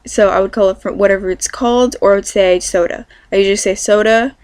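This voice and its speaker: A woman's voice: medium pitch, fairly even intonation, fast, darkish tone, no room sound. A teenage girl from California, chatting casually through a question-and-answer vlog, rambling with lots of ums. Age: teens. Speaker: vlogger.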